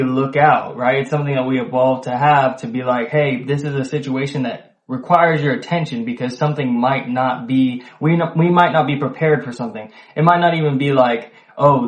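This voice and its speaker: A man talking to camera in a loose, conversational monologue, full of fillers and the odd swear word. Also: mid-range voice. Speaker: solo video host. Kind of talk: casual reflective monologue. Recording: echoey room, poor mic.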